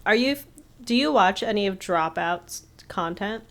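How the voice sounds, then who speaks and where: A woman's voice: medium pitch, normal speed. A woman co-hosting a casual podcast chat, acting out the people in her stories. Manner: animated storyteller acting out quotes. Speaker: podcast co-host.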